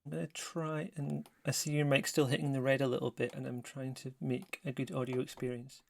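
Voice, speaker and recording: A man's voice: medium pitch, level tone, fairly quick, vocal fry, darkish tone. A man narrating a tabletop game as game master, chatty and prone to asides. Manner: chatty, self-correcting, apologetic asides.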